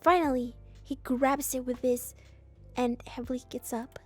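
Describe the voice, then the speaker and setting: A woman with a high, light voice reads a story game aloud as a streamer. She keeps slipping into playful, joking asides. Soft game music sits faintly underneath her. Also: normal speed. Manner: playful, jokey, animated asides. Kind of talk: reading a game aloud with commentary.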